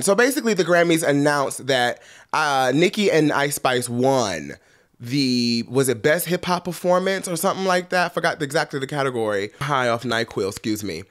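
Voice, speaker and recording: A man's voice: medium pitch, expressive, normal speed, a bit bright. Congested, sassy male pop culture commentator. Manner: chatty and sassy, calling listeners girl and honey. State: congested from blocked sinuses.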